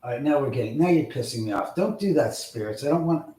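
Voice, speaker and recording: A man's voice: mid-range voice, animated, fast talker. Angry guy fighting his stream setup, cusses a lot, sounds far off in an echoey room. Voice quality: loud profane outbursts, swinging from mutters to shouts. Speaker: livestream host. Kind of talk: frustrated live-stream troubleshooting. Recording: roomy echo, mic at a distance.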